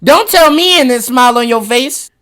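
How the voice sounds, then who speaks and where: A young man in his twenties with a notably high voice hosts a reaction video. He riffs loudly in slangy, mocking jokes, talking casually over the clip. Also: expressive, moderate pace. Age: 20s. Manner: loud, mocking, joking slang.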